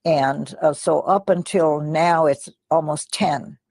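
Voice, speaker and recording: An elderly woman with a deeply gravelly, husky voice tells her memories slowly and reflectively, often sinking almost to a whisper. The sound is close and dry, with no room echo. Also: fairly even intonation, a little mellow. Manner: slow, reflective storytelling, often dropping to a near whisper. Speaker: guest. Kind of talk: recounting personal memories in an interview.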